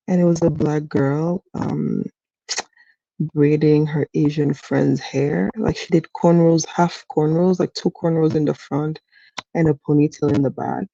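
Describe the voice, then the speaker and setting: A man's voice: fairly high pitch, fairly even intonation, normal speed, vocal fry, mellow, no room sound. A young man in casual group discussion, chatty and full of "um" and "literally". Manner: chatty, many "um" and "literally" fillers. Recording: dull lo-fi sound.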